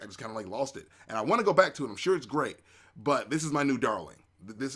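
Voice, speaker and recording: A man hosting a casual spoken review, excitable and rambling, with many fillers and restarts. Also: medium pitch. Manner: acts out reactions in quoted asides. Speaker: anime reviewer, show host.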